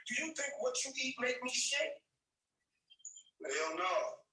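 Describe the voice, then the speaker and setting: A man's voice: extremely high pitch, very animated, slow pace, sharp tone, roomy sound, recorded from a distance, low-quality recording. A man hosting a live stream, preaching loosely and emphatically to listeners, using street slang and calling them man and brother.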